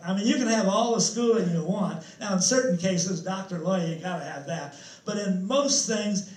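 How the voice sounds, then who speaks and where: A man's voice: sits high, a little mellow. An older man telling rambling, chuckling stories as a guest speaker at an evening talk. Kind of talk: storytelling talk. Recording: echoey hall.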